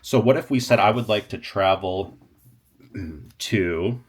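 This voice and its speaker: Really deep guy teaching spanish on camera, animated, keeps restarting lines. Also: slow pace, slightly rough. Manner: animated, talks to viewers, stops and restarts a lot. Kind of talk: casual language lesson.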